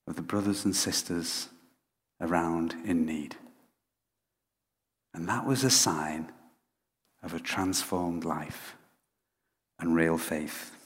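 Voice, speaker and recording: A low-pitched man with a breathy edge gives a conversational sermon full of lively stories and frequent restarts. Long hall reverb colors the recording.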